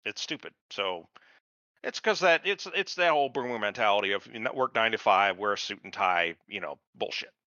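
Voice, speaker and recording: Brief: sarcastic, foul-mouthed male podcast host, forceful bright tone, dull lo-fi recording. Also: lowish voice, animated, brisk, no room sound. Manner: profane, ranting, sarcastic. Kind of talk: casual podcast chat.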